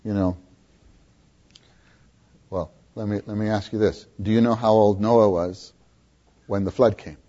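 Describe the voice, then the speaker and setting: A man delivers a sermon at an unhurried pace, putting questions to his listeners and hammering points through repetition. His voice is low-pitched and husky, and the recording sounds dull and lo-fi. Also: steady tone, mellow. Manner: questions the audience, emphatic repetition. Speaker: preacher.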